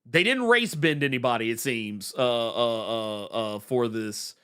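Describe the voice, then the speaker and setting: A man co-hosting a podcast, chatting casually about comics with animated stammering restarts. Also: medium pitch, a little slow, smooth. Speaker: podcast co-host. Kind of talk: casual comic book chat.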